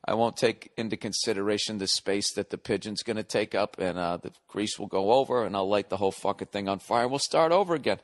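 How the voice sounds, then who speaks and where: A man's voice: lowish voice, fast talker, few pauses. Profane, exasperated male podcast host. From United States. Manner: profane, exasperated ranting with sarcastic asides. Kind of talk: solo comedic rant.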